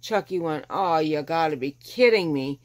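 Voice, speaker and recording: A woman's voice: low voice, animated, moderate pace, heavy background noise. A middle-aged woman, casually telling a long rambling story and acting out what people said. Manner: chatty, rambling, acts out quoted dialogue. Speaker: vlogger telling her rescue story.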